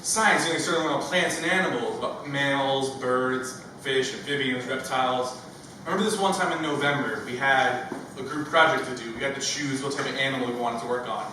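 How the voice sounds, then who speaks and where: Animated young comedian on an echoey stage. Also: male voice, medium pitch, fairly quick. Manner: animated storytelling, acting out childhood voices. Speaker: stand-up comedian. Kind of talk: stand-up comedy set. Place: stage with a live audience. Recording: echoey stage from far off with audience noise.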